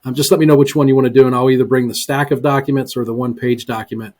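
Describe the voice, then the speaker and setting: A man's voice: mid-range voice, racing. A man telling stories in a casual podcast interview, full of ums, often acting out what other people said. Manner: animated storyteller, many ums, voices other people in quotes. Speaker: guest, real estate investor. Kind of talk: casual interview talk, acting out sales calls.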